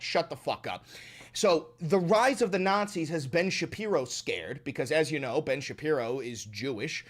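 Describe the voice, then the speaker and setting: A man hosting his own political commentary show, ranting in a profane, sarcastic and mocking way. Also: fairly high pitch.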